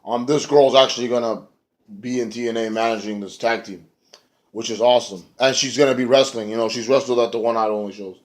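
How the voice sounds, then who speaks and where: Brief: a man recapping wrestling, loose and rambling, swears a lot, jumps into quick impressions. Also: mid-range voice, fairly even intonation. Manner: rambling and profane, acts out quotes. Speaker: wrestling show reviewer. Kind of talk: casual recap rant.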